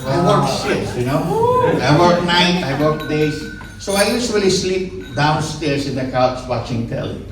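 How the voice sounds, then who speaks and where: A man's voice: a little high, animated. Filipino father of the bride, echoey hall. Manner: halting, joking and emotional. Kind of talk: wedding speech. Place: wedding reception hall. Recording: echoey and distant, loud crowd noise.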